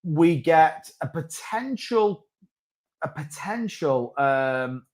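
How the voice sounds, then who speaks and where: Guy hosting a crypto stream, kinda high voice, rambly and casual, lots of restarts. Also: expressive, drawn-out words, darkish tone. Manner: rambling, chatty, with many restarts and asides to chat. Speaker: crypto livestream host. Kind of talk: casual live-stream market commentary.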